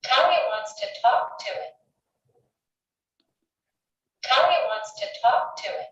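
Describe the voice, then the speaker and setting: Young woman in a course dialogue, high-ish, far away, lo-fi. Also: expressive, normal speed, fairly bright tone. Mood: plain. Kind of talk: scripted language-course dialogue. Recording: distant, echoey, dull lo-fi playback.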